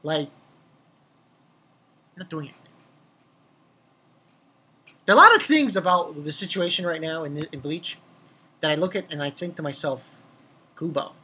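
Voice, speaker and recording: A young man casually reviewing a comic chapter, rambling and excitable, swearing freely and laughing at his own jokes. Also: a little high, normal speed, long pauses, husky. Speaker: manga reviewer.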